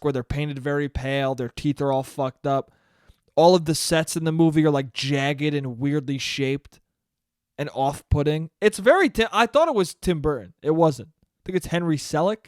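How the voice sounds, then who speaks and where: A man's voice: fairly high pitch, clean tone, dry recording, studio quality. A young man hosting a casual solo podcast, rambling in a profane, jokey way. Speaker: podcast host.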